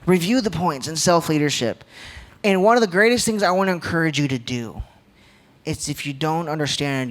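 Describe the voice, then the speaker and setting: A man's voice: a little high, lively intonation, brisk, fairly bright tone. A man in his twenties giving a playful, jokey leadership talk to a church audience, laughing often. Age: 20s. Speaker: church speaker. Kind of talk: sermon-style leadership talk. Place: church hall, live audience.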